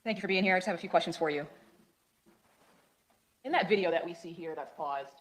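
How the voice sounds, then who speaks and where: A woman's voice: fairly low pitch, quick pace. Woman, attorney, cross-examining, polite, methodical.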